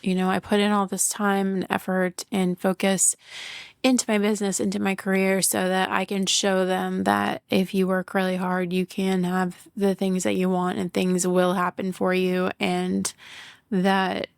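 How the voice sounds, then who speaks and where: A woman's voice: medium pitch, monotone, measured pace, vocal fry, no room sound, clean studio sound. A woman hosting her own podcast, talking candidly about work and family in a rambling, casual way, with lots of "like", swearing and laughter. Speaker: podcast host; business owner and mother. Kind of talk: casual personal monologue.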